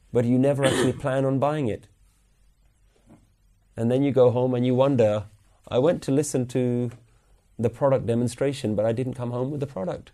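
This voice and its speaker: Sikh teacher guy lecturing his class, dark relaxed tone, keeps asking the room questions. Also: lowish voice. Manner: earnest, questioning the listeners; chants scripture lines slowly. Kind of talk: religious lecture.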